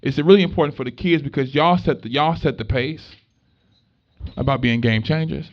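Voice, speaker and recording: Animated young man, slangy motivational talk. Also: a little high, moderate pace. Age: young adult. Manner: animated, conversational storytelling with street slang. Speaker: motivational speaker. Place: room with a live student audience. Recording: dull lo-fi recording.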